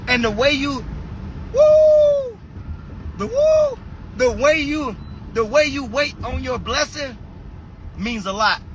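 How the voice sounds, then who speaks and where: A man giving a passionate motivational talk on a phone livestream, preachy, shifting between shouting and quiet, emotional asides. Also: high-pitched, slight background noise. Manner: impassioned, preachy, swings between shouting and soft. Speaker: fitness motivational speaker.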